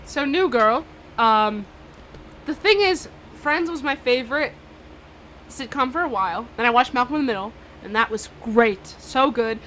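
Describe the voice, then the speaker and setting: A woman's voice: a little high, lively intonation, normal speed, fairly bright tone, slight background noise. A woman in her twenties hosting a radio show, chatting casually between songs with a rambling, laugh-prone manner full of fillers and restarts. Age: 20s.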